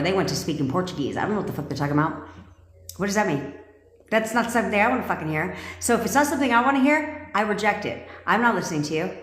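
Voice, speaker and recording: A woman's voice: fairly high pitch, a bit bright. A woman coach talking casually and bluntly to her livestream viewers, swearing freely and laughing often, recorded on a phone at home. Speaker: manifestation coach. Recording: echoey room.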